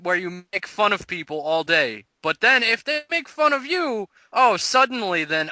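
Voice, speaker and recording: Bright lively young man on a podcast. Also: sits high, normal speed, hardly any pauses, dry recording. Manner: animated, mocking, mimics people. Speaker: podcast co-host. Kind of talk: casual profane chat.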